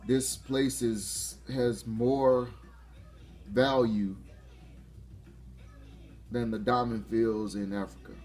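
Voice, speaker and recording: A man giving a casual motivational talk to camera, excitable, laughing often and restarting his phrases. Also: medium pitch, extremely slow, long pauses, faint music behind. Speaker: motivational vlogger.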